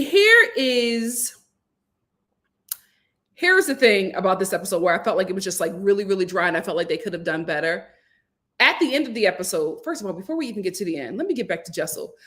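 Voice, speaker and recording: A woman giving casual, sassy commentary on reality TV, talking in a colloquial, animated way. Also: mid-range voice. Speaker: reality TV reviewer.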